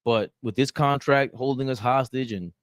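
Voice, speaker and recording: A man's voice: medium pitch, moderate pace, no echo, studio quality. A man hosting a casual live-stream sports talk show, reading chat comments aloud and ranting and bantering with the chat, with laughs between points.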